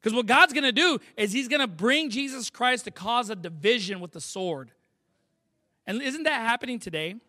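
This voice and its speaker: High-voiced, forceful preaching pastor. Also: male voice, animated, moderate pace. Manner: emphatic preaching with rhetorical questions. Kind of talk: sermon.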